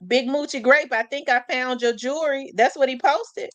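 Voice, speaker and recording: A woman's voice: high-pitched, normal speed, a bit bright, dry recording. A woman hosting a casual live commentary, chatty and asking questions aloud as she talks to her viewers. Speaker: host.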